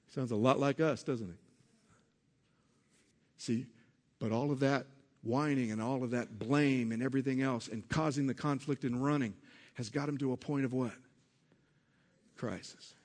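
Here a pastor gives a sermon, questioning the congregation as he alternates between whispered, low sections and powerful, emphatic declarations.

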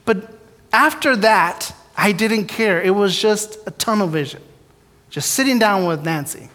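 This is a preacher's testimony, delivered in a church sanctuary where a large hall echoes long. His high, sharp voice is expressive and measured in pace. He speaks candidly and at his own expense, performing his prayers and the story's dialogue.

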